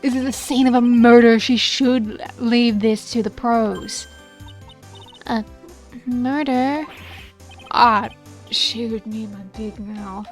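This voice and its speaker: Bumbling, blustering male detective, voiced by a woman streamer; unhurried delivery. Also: fairly high pitch, fairly even intonation, faint music behind. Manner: blustering, says pal.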